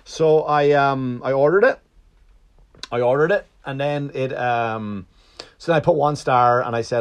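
A man's voice: mid-range voice, lively intonation, moderate pace. A man telling a long story in a casual, rambling monologue. He swears freely, restarts often and acts out the other side's lines. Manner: rambling and profane, with many restarts.

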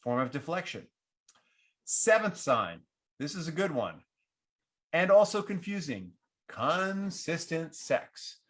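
A man's voice: slow pace, long pauses. A man giving relationship advice, acting out what partners might say in a livelier voice. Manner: animated, acts out quoted partners with lifted pitch. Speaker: relationship advisor. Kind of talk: advice talk to camera.

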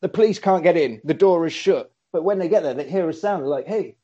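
A man excitedly recapping a horror film in casual chat, acting out the characters' lines. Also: fairly high pitch, fast talker, breathy edge. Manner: animated storyteller, acts out characters' lines. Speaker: podcast co-host recapping a film. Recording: slightly dull lo-fi recording.

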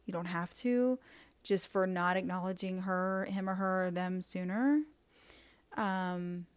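A woman's voice: mid-range voice, darkish tone, no echo. A woman hosting a solo podcast, speaking in an earnest, reflective way and often stacking words into short lists. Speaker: podcast host.

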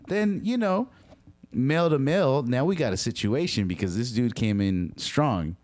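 A man's voice: mid-range voice, moderate pace, no room sound. A young man casually telling a story about noisy neighbors, swearing often and acting out the dialogue. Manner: profane, animated, quotes people in dialogue. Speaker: storyteller recounting a dispute.

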